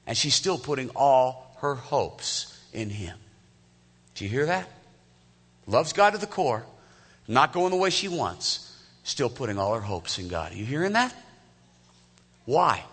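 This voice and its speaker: A man in his fifties preaches a sermon as a pastor, talking in a conversational way and putting questions straight to the listeners. His voice is bright and forward. A long echo hangs behind him from a large hall. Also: medium pitch, big pitch swings, unhurried, husky. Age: 50s. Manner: conversational, asks the congregation direct questions. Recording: echoey hall.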